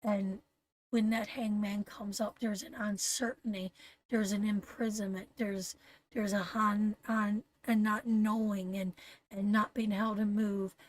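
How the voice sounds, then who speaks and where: A woman with a Canadian accent giving a live tarot reading, talking slowly and tenderly, repeating phrases and getting emotional. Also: mid-range voice, flat delivery. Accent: Canadian English. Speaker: tarot reader.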